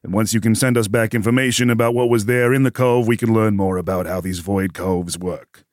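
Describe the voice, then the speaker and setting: A man acting as game master, narrating and speaking as a dry, deadpan clerk in a tabletop game. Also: lowish voice, brisk, dry recording.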